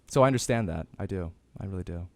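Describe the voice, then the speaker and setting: A man's voice: low-pitched, expressive, darkish tone. A young man co-hosting a casual podcast, playful and stammering as he jokes along. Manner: stammering, playful, quick to joke. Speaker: podcast co-host. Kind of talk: casual chat.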